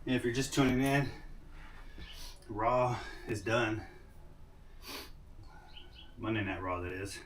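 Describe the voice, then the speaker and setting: A man's voice: on the low side, slow, long pauses. A man talks loosely to his live stream viewers, calling out their names and rambling between thoughts. He sounds a little winded, and his voice comes from some distance off the mic with a faint hiss behind it. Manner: chatty, addresses viewers by name, rambling. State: out of breath after push-ups. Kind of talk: casual IRL livestream chat. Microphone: camera mic without lapel mics.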